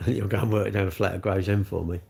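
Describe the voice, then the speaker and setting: A middle-aged man hosting a casual livestream, rambling from one viewer comment to the next. His voice sits low with a gravelly, fried edge, and he keeps calling people mate. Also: fairly even intonation, brisk, a little mellow. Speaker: livestream host.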